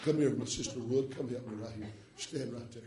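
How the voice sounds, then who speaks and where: A man preaching a revival sermon, swinging from hushed tones to chanted shouts with rhythmic "uh" breaths. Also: medium pitch, fairly quick, roomy sound, far from the mic, a little hiss or hum.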